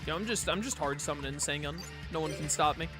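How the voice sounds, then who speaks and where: A gaming YouTuber talks his way through a card game in loose, casual commentary. He fires off quick guesses and pokes fun at his own mistakes. Game music plays clearly underneath. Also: mid-range voice. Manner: quick guessing, self-mocking asides. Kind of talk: casual let's-play commentary.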